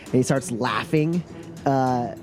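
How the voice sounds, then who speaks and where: A man narrating as game master in a tabletop game, halting with many fillers. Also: mid-range voice, darkish tone, soft background music.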